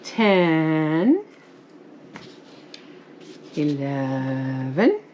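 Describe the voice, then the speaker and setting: A woman's voice: deep voice, very animated, extremely slow, darkish tone, highs cut off, slight background noise. A woman chatting casually and counting cards as a guest in a home crafting session. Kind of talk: casual chat.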